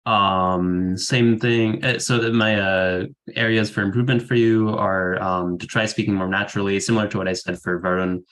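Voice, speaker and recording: A man's voice: fairly low pitch, fairly even intonation, moderate pace, few pauses, a bit bright, low-quality recording. A young man judging a debate over a video call, giving casual feedback with many fillers. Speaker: debate judge. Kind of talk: spoken feedback.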